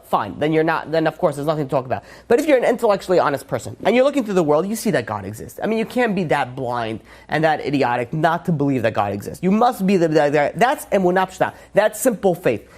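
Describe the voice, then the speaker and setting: A man, a rabbi, teaching a religious class in an emphatic way with rhetorical questions and frequent restarts. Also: fairly high pitch. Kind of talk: religious lecture.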